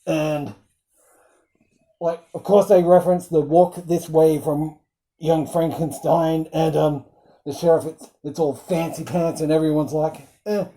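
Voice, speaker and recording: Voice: mid-range voice, fairly even intonation, moderate pace, warm tone, poor audio. A film reviewer recapping scenes in casual chat, rambling with frequent ums and acting out quoted lines in bursts.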